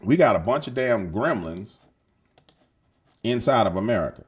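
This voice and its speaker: A man's voice: on the low side, lively intonation, normal speed, husky. A man hosting casual news commentary, slangy and emphatic, swearing and repeating himself as he rambles. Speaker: show host.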